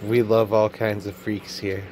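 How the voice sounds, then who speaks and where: A man's voice: on the low side, flat delivery, measured pace, a little mellow, slight background noise. A young man hosting a comedy video, rambling through memes in a goofy, self-mocking way. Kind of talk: casual meme commentary.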